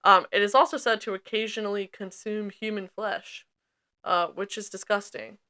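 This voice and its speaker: A woman co-hosting a podcast speaks at normal speed in a mid-range voice. She's relaxed but hesitant, chatting casually and reading from notes with frequent ums.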